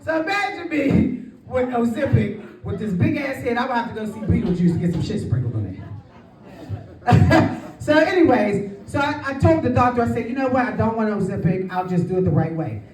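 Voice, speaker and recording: A brassy stand-up comic, she works the club crowd by calling out to audience members. Her slightly high voice is sing-song, brisk and a little mellow, captured from afar in a roomy live recording with the crowd faintly audible.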